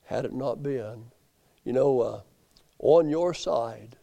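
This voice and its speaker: A man preaching a sermon, swinging from low, quiet asides up to loud emphatic peaks. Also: slow, vocal fry. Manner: rising to emphatic peaks, then dropping low.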